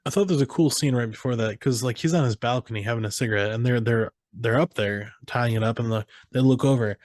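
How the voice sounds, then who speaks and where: A man's voice: medium pitch, fast talker, darkish tone, no echo, clean studio sound. A man co-hosting a podcast, casually retelling movie scenes and quoting the characters' lines. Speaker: podcast co-host. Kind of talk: casual movie recap chat.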